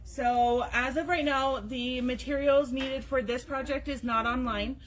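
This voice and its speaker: A woman's voice: sits high, steady tone, unhurried. Chatty woman hosting a sewing live stream. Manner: chatty, filler-heavy, reads details aloud. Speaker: sewing store staff host. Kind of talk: casual live-stream announcements. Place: sewing store indoors.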